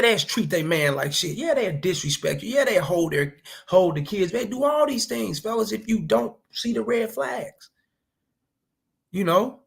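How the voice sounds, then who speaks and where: A man with a slightly high, gravelly and husky voice, talking bluntly and profanely in a casual reaction commentary. He lectures his listeners with preachy, street-style advice. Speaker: commentary vlogger.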